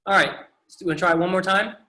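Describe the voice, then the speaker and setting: A man's voice: high voice, steady tone, rapid-fire, sharp tone, reverberant. A man teaching pronunciation over a video call, patiently demonstrating sounds again and again. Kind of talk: online pronunciation class.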